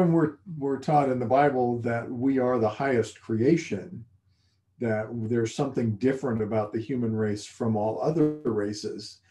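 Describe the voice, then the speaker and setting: A man co-hosting a casual faith discussion, thoughtful and halting, often restarting his sentences. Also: mid-range voice, dark tone. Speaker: co-host.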